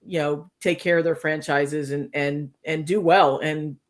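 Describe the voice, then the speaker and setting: A woman's voice: sits low, fairly even intonation, unhurried. Rambling, enthusiastic woman co-host. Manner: rambling, restarts often, enthusiastic. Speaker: podcast co-host. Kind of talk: casual podcast chat.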